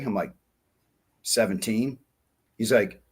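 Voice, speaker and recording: A man in his forties telling war-buddy stories in a folksy, animated way on a casual interview. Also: fairly low pitch, moderate pace, slightly rough. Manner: folksy, animated, acts out quoted dialogue. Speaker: podcast guest, diving company founder.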